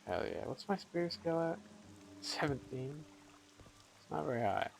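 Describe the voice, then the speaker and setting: A man's voice: on the high side, a little slow, gravelly, a little hiss or hum, poor audio. A man streaming a video game live, giving casual, playful commentary and muttering his reactions to himself.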